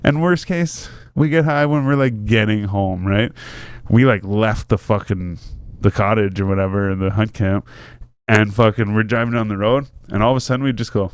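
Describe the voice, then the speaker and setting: A man hosting a podcast, telling a wild story in a casual, animated way with lots of swearing and laughter. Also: on the low side, moderate pace, clean tone, dry recording. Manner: animated, laughing, swears a lot, acts out voices. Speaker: podcast host.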